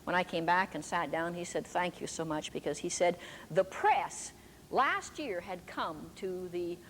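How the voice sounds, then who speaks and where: A woman's voice: fairly low pitch, animated, unhurried. An older woman preaching a sermon, telling stories emphatically. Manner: emphatic storytelling. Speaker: preacher and teacher. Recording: echoey hall with faint background noise.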